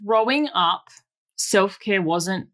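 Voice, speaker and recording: A woman in her thirties, a podcast guest, telling a personal story frankly and directly, with quick asides. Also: medium pitch, lively intonation, fairly bright tone.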